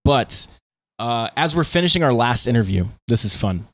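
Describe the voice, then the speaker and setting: Rambling quickly through his stories with plenty of fillers, this podcast co-host, also a band guitarist, keeps the chat casual. His mid-range voice is expressive.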